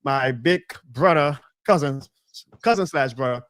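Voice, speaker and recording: A young man with a thick New Orleans Southern accent chats as a podcast guest on a video call, telling stories animatedly with lively jumps in pitch. He talks a little slowly, and the recording is dry.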